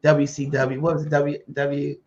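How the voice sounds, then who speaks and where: Animated woman telling a story, muffled audio. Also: low voice, moderate pace. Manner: animated, acts out quoted dialogue. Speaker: podcast host. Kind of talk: casual storytelling chat.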